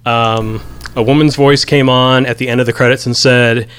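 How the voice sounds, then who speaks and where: A man's voice: medium pitch, steady tone, moderate pace, fairly bright tone, clean tone. A man in a casual podcast conversation about a movie, talking with many ums and reading lines from his notes. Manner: rambling, many ums, reads quotes aloud. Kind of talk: casual film discussion.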